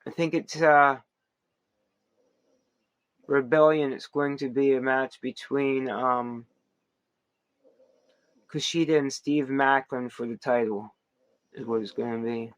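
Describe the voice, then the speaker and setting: A man's voice: mid-range voice, steady tone, slow pace, long pauses, dry recording. A man hosting a wrestling podcast, giving a casual, rambling recap full of fillers, restarts and playful asides.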